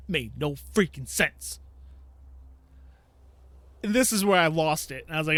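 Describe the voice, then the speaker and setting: A man's voice: on the high side, animated, unhurried, pauses often, a bit bright, no room sound. A man, a gaming YouTuber, ranting casually about a bad game, laughing in disbelief and acting out his own reactions. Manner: exasperated, laughing storyteller who acts out his own reactions.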